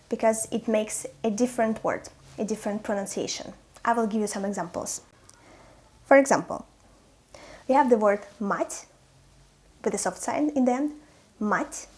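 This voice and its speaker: A young woman leads a pronunciation lesson in a slightly high voice. She speaks clearly and deliberately, repeating each example word so learners can copy it. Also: a little mellow. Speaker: language teacher.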